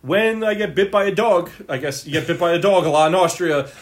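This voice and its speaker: A man's voice: high voice, brisk. A man co-hosting a casual movie podcast, dropping wry and sarcastic asides. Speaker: podcast co-host. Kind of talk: casual chat.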